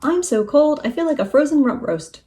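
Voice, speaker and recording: A bossy, self-centered storybook rooster, put on by a woman reading aloud, always grumbling and complaining. His voice sits high and swings up and down in lively jumps. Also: normal speed.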